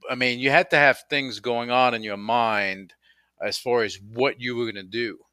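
Bright, supportive male radio host. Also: medium pitch, fairly even intonation, normal speed, clean tone, no room sound. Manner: supportive, emphatic, rhetorical questions. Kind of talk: interview.

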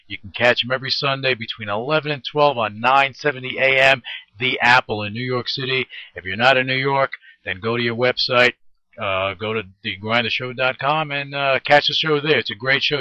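A man's voice: medium pitch, sharp tone, no room sound, dull audio. A man hosting an interview show, talking in an earnest, rambling and encouraging way. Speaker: podcast host. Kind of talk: casual interview chat.

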